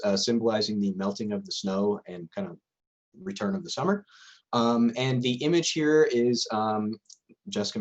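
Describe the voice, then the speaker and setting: A young man presenting a casual livestream lecture with a loose, hesitant delivery. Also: mid-range voice. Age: young adult.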